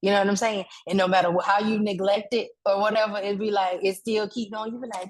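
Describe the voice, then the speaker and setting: A woman giving a conversational, preacher-like talk on grief, speaking straight to the crowd in relaxed, colloquial speech. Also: mid-range voice, fast talker, few pauses. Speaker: speaker at a wellness event.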